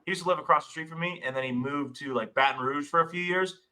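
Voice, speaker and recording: A man's voice: fairly high pitch, fast talker, bright, forceful tone, poor audio. A man from Michigan joking around as co-host on a casual sports podcast, laid-back and profane.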